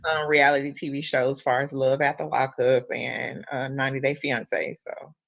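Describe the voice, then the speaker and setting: A young adult woman co-hosting a podcast, chatting playfully and breaking into laughter between quick asides. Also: extremely low pitch, little pitch movement, vocal fry, fairly bright tone, highs cut off. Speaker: podcast co-host. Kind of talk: casual chat.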